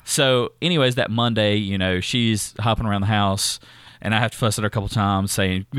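A man's voice: lowish voice, fairly even intonation, brisk, a bit bright, smooth, dry recording. A man, co-hosting a casual podcast and telling a long story, rambling and restarting often. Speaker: podcast co-host. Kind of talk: casual chat.

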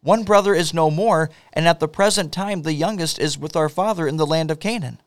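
A man's voice: a little high, fairly quick, no echo, natural voice. A man reading the lines of guilty, earnest brothers in a scripture story, in his own voice. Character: guilt-stricken brothers, adult men.

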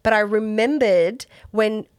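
An Australian woman co-hosting a podcast, chatting casually with quick asides and laughs. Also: medium pitch, no echo, clean studio sound. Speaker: podcast co-host. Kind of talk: casual chat.

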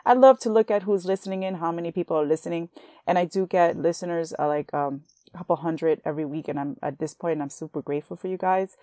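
A young woman hosting a Christian podcast, talking earnestly and warmly to her listeners as sisters, at times emotional. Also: fairly low pitch, fast talker, no room sound, studio quality. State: emotional, near tears. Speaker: podcast host. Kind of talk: faith podcast encouragement.

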